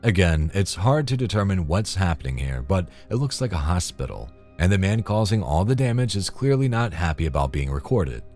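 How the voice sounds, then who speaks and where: A man with a very low voice reads scripted commentary in a dry, disapproving way, and his pitch moves a lot. Faint music plays under the voice-over. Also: big pitch swings, fairly quick, hardly any pauses, darkish tone. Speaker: narrator.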